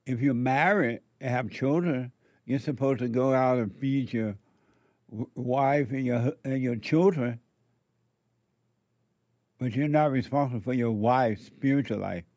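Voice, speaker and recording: Emphatic man preaching, slow and dry. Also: mid-range voice, a little mellow, no room sound. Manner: emphatic, repetitive, rhetorical questions. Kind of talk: spiritual sermon.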